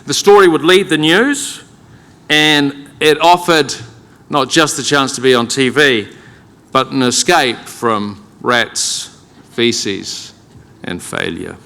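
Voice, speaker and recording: Slow, gravelly and forceful, this mid-range, bright voice belongs to a middle-aged New Zealand-accented man giving a keynote. He shares a humorous, self-deprecating story in a wry, conversational tone, and the big conference hall full of people adds a long reverb.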